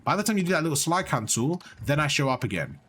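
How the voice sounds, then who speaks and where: A young man giving blunt, animated coaching on gameplay, swearing freely as he explains. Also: fairly high pitch, quick pace, a little hiss or hum. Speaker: gaming coach. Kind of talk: casual coaching over gameplay.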